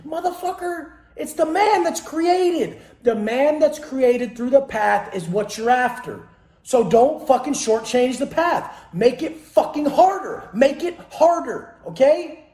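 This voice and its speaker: A man's voice: extremely high pitch, a little mellow, roomy sound. A man giving an intense motivational monologue, blunt and heavily profane, firing off rhetorical questions. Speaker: motivational speaker.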